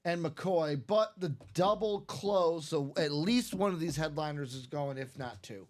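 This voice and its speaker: A man's voice: fairly high pitch, unhurried, a little mellow. A man hosting a live card break stream, chatting casually and reeling off player names in a jokey, upbeat way.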